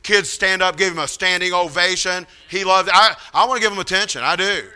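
A male preacher telling stories in a sermon, in an animated, folksy way. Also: high voice, fairly quick, smooth, faint music behind. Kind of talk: storytelling sermon.

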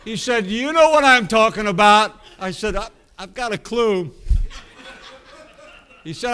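A man's voice: sits high, unhurried, long pauses, sharp tone. A middle-aged man preaching, telling a rambling, folksy anecdote with self-amused laughs. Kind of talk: storytelling sermon.

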